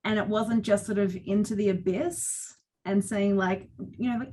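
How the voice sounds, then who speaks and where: A woman, speaking on a conference panel and telling stories with lively acted quotes. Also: medium pitch, moderate pace, a little hiss or hum. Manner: animated storytelling with acted quotes. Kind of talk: panel discussion.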